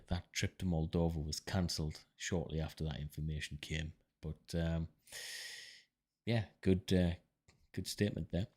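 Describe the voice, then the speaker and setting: Low-voiced man hosting a livestream. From United Kingdom. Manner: relaxed and chatty, many ums and uhs, calls viewers brother. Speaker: livestream host reading viewer questions. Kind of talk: casual live commentary.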